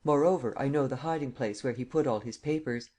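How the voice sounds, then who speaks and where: A man voicing a confident gentleman thief who answers gravely and with quiet assurance, in an audiobook. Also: mid-range voice, a little fast, lightly acted. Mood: poised. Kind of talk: audiobook character reading.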